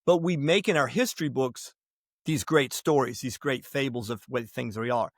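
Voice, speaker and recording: An opinionated man holds forth as a podcast guest, mixing history anecdotes with strong views and plenty of restarts. His voice sits at an ordinary male pitch. The recording is close and dry, with no room echo. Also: moderate pace. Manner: emphatic, opinionated, digressive with restarts. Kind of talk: conversational interview, storytelling.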